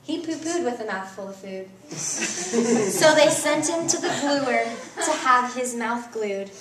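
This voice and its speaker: Woman, high voice, playful reader of kids' poems; echoey room, mic set back. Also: takes it slowly, distant mic, over a noisy crowd. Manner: playful, animated storytelling. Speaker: teacher reading poems aloud. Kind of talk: reading children's poems aloud. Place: classroom.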